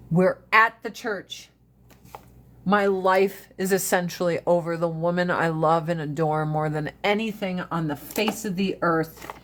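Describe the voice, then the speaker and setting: Woman livestream host, unhurried pace, animated and profane storyteller. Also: on the high side. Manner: animated storyteller, swears freely, laughs often. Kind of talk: casual storytelling. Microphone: phone.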